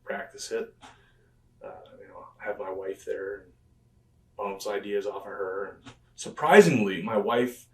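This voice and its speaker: A man's voice: on the low side, a little slow, long pauses, fairly bright tone. A man being interviewed, telling stories in a loose, rambling way with plenty of fillers. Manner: rambling, filler-heavy retelling of past conversations. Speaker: interview guest, professional wrestler. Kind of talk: conversational storytelling interview. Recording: echoey room, mic at a distance.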